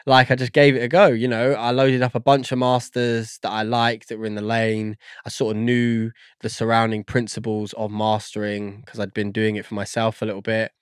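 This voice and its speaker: A man's voice: on the low side, level tone, normal speed, few pauses, clean tone, no echo. Rambling man, dry close sound. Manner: rambling, searching for words with many fillers. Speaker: guest audio engineer. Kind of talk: casual podcast chat.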